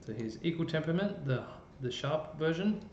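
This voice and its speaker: A man's voice: expressive, brisk, a little mellow. A man with an Australian accent presenting a casual live-stream music lesson, chatty, with plenty of fillers and restarts. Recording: roomy dull live-stream audio with faint rumble.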